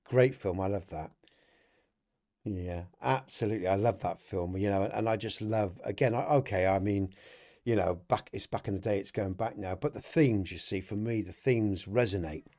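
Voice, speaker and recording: A man's voice: fairly low pitch, moderate pace, dark tone. A middle-aged man hosting a casual livestream podcast, rambling and chatty, laughing often and talking to viewers in the chat. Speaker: podcast host.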